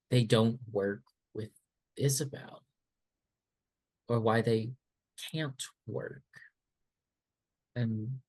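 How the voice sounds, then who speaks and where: A man giving appreciative feedback to fellow players after a tabletop game session, in a thoughtful, measured way. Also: mid-range voice, darkish tone. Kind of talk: casual post-session feedback.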